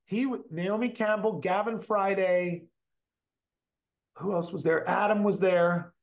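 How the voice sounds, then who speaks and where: A man with a high voice trades stories in a relaxed conversation. He talks in loose, animated bursts and swears freely as he rambles through his anecdotes. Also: measured pace. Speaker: musician guest, bass player. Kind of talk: casual storytelling chat.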